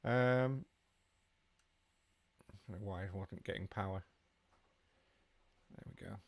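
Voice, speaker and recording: A game streamer with a fairly low voice takes things slowly while driving a train simulator. He keeps up casual live commentary, chatting with viewers and responding to their messages.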